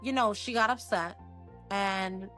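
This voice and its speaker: A woman's voice: medium pitch, slow, faint music behind. A woman hosting a book club podcast, chatting casually and acting out characters' lines with slang. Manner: animated retelling with quoted dialogue and slang.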